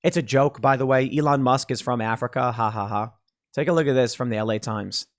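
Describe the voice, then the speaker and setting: A man's voice: medium pitch, a little fast. A man hosting a podcast, giving emphatic, sarcastic commentary. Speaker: podcast host. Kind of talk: opinionated commentary.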